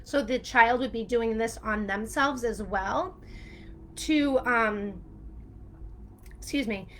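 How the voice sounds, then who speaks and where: A woman speech-language pathologist explaining a speech sound step by step, bubbly and quick to laugh. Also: fairly high pitch, fairly bright tone, a little hiss or hum. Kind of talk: upbeat instructional video with a sung intro.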